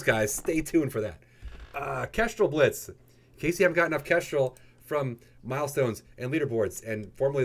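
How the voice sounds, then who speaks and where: A man hosting a casual game news video, playful and jokey, his voice jumping into high excited squeals. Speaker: gaming YouTuber host.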